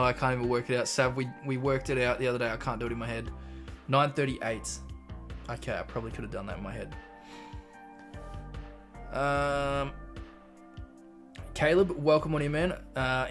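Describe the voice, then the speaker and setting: Chatty Australian man streaming live. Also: medium pitch. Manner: chatty, reads chat messages aloud and rambles through anecdotes. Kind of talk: casual live stream chat.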